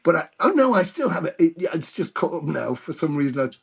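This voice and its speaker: A British man in his older years, a guest musician telling stories in a casual interview, animated and swearing freely. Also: a little high, quick pace, gravelly, breathy edge. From United Kingdom.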